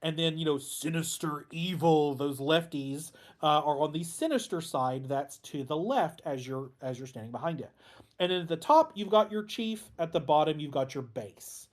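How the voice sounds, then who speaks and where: A man's voice: on the high side, moderate pace. A man teaching a casual online class as instructor, talking informally with frequent ums and restarts and the odd dry joke. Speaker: heraldry instructor.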